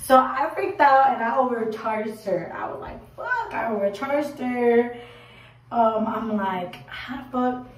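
Casting note: twenties woman, lively slangy storyteller, slightly high voice, set back from the mic in a roomy space. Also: unhurried, crowd noise. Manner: animated, acts out her own quotes, swears casually. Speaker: vlogger. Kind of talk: casual storytime. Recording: roomy echo, a bit far from the mic.

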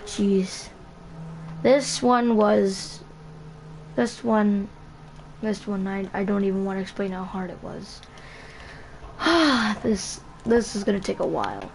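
Brief: woman host, casual build tutorial, slow unhurried delivery, higher voice, stops to correct herself. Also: a little hiss or hum. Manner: halting, self-correcting, repeats item names. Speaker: channel host.

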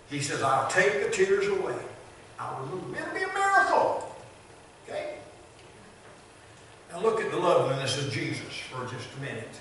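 Older southern preacher guy, kinda high voice, rhythmic repeating lines, heavy church echo from far off. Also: slight background noise. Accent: Southern American. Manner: rhythmic preaching with repeated phrases, swinging loud and soft. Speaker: pastor. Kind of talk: sermon. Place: large church sanctuary. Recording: very echoey church hall from a distance.

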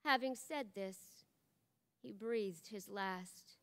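Woman reading scripture out loud, kinda high voice, long echo in the hall. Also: measured pace, clear, resonant tone. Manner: expressive, rises for quoted cries. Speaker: scripture reader. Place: large church hall.

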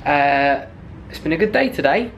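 A man's voice: a little high, animated, normal speed, poor audio. Chatty young man vlogging. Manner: chatty, upbeat, loose with fillers. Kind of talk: casual travel vlog. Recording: loud outdoor ambient noise.

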